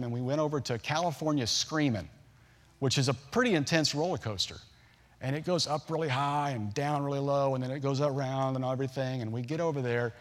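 A man in his forties preaching a sermon, telling a family story with lively acted-out voices. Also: mid-range voice. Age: 40s. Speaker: pastor. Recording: long hall reverb.

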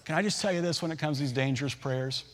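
Animated pastor in his forties, hall echo. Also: on the high side, fast talker. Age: 40s. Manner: animated storyteller, acts out voices of his family. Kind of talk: sermon with storytelling. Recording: long hall reverb.

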